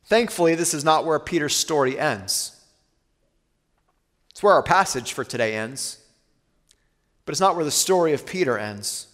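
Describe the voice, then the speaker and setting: Male pastor, high voice, earnest sermon delivery, reverberant church hall. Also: animated. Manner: earnest, slows and softens for weighty lines.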